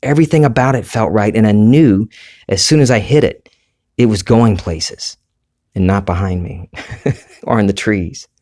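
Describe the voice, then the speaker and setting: A man with a Southern US accent, hosting a solo podcast and talking in a relaxed, rambling, conversational way. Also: on the low side, unhurried, long pauses. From Southern United States. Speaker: podcast host. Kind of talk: reflective solo podcast monologue.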